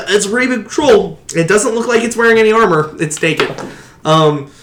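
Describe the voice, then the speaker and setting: A man narrates a tabletop game as game master, stumbling through fillers and restarts and breaking into laughter. His voice sits high and bright. The room is echoey with a faint hiss behind him. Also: animated. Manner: halting, many fillers and restarts, laughs often.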